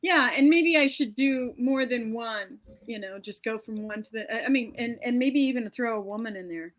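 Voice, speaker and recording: A woman's voice: fairly high pitch, normal speed, rough recording. A woman comedian chatting casually as a guest, telling stories with frequent restarts. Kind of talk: casual joke workshop chat.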